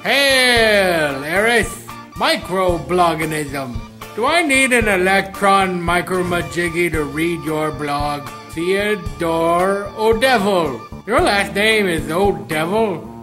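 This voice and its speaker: A man co-hosting a comedy show, reading out listener shout-outs with teasing jokes. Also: sits high, animated, slow pace, music in the background. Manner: wisecracking, teasing. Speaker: co-host.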